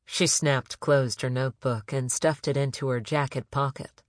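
A man reading a crime novel aloud in measured, even narration. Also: mid-range voice, dry recording. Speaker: audiobook narrator.

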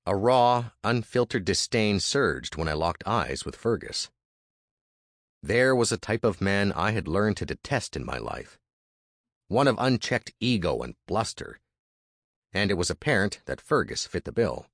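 Deep, lively male storyteller, dry close recording. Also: a little slow, no echo. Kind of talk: first-person audiobook narration.

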